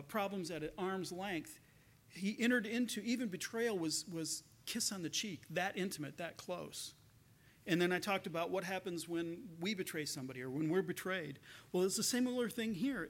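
High-voiced pastor telling a story. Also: male voice. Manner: earnest, repeats words as he goes. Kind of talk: sermon storytelling.

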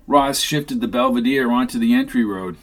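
A man reading a novel aloud as narrator, in a steady, even manner. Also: mid-range voice, moderate pace, gravelly. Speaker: audiobook narrator. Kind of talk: scripted narration.

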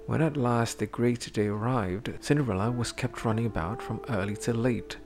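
A man reading a fairy tale aloud in a measured, expressive storybook manner. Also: medium pitch. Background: music.

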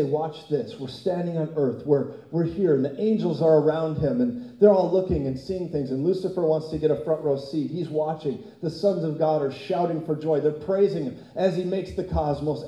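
Animated preacher with a dark, mellow voice. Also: male voice, fairly high pitch, reverberant, low-quality recording. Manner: animated storytelling, often laughing. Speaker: pastor. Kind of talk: sermon.

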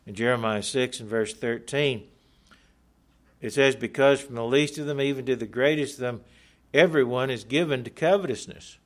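A sermon from a man whose voice sits in the mid range: he reads scripture aloud, explains it with earnest emphasis, and slows down to highlight the key points.

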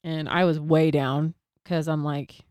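Woman, middle-aged, casual storyteller. Smooth, lowish voice, dry close recording. Animated, acts out her thoughts, swears freely. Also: measured pace, dry recording.

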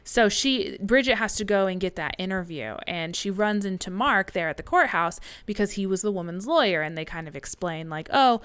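Woman, podcast co-host, chatty recapper, smooth clear voice, dry close sound. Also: mid-range voice, lively intonation, normal speed, hardly any pauses, fairly bright tone, no room sound. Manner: chatty recapping, frequent laughs and fillers. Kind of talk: casual book discussion.

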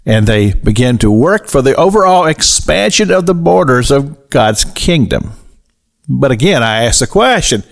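With a creaky voice, a middle-aged male pastor gives a slow, deliberate radio sermon, building the story toward emphatic highs.

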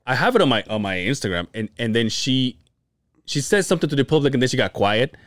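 Man, podcast co-host, casual chat, swears a lot, animated pitch, dry sound. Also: fast, no room sound. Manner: profane, rambling storyteller with frequent restarts.

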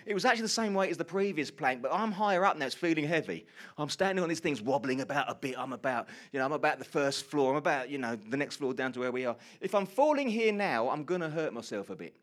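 A man telling a funny personal story in a sermon to a congregation, acting out his own lines loudly. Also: a little high, fast talker. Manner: animated storyteller, shouts quoted lines. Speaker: pastor. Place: church hall before a congregation.

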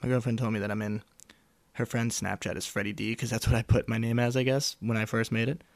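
A young man hosts a solo podcast close to a studio mic, with no echo at all. His mid-range voice keeps a level tone as he talks fast, rambling and joking at his own expense, slipping into sudden whispers and put-on voices.

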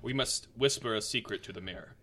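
A man's voice: fairly low pitch, fairly quick, pushed and bright. A man playing a dwarf in a tabletop game, speaking his lines in a solemn, dramatic way. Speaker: player voicing a dwarf. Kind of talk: tabletop role-play.

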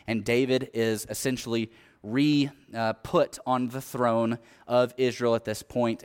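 A man preaching a sermon, telling a Bible story and reading scripture aloud, building up energy at the dramatic parts. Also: mid-range voice. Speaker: pastor.

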